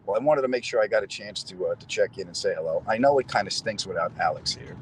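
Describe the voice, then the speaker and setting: A middle-aged comedian hosts a casual chat with viewers outdoors in a city square, telling stories and throwing asides to his audience. He talks fast in a lowish voice, and the poor audio carries a little hiss or hum.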